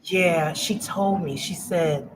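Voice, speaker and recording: A middle-aged woman from Louisiana, a business-owner guest telling her story in a casual interview, animated, acting out quotes and laughing often. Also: fairly low pitch, slow pace. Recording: noisy livestream audio.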